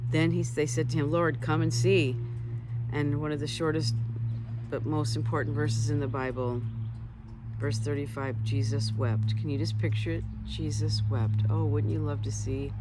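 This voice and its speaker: A woman's voice: deep voice, noisy background. A woman teaching from the Bible, reading passages aloud and stopping often to add conversational comments. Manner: conversational, reads scripture aloud then adds asides.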